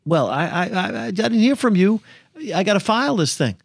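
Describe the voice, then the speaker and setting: A man's voice: sits high, very animated, normal speed, vocal fry, dry recording, studio quality, pitched above the performer's own voice, exaggerated voice. A man voicing a flustered small-town lawyer on the phone, stammering and anxious in an acted quote within his story.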